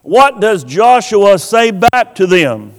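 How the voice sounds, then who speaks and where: A man preaching a sermon, slow and emphatic, acting out the voices he quotes. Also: high voice, very animated. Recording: long hall reverb.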